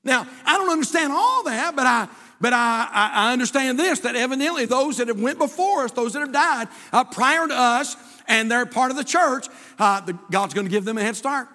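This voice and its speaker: Older man preaching, high and bright. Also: lively intonation, a little fast, in a large hall. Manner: folksy, emphatic preaching with repeated phrases. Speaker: pastor. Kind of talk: sermon. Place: church sanctuary.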